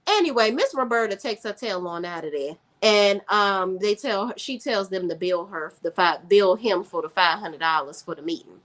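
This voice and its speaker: A woman's voice: mid-range voice, animated, normal speed, hardly any pauses, a bit bright. A woman hosting a casual live stream, recapping a TV drama and chatting sassily with her viewers. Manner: chatty, sassy, reads chat aloud. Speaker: TV recap host.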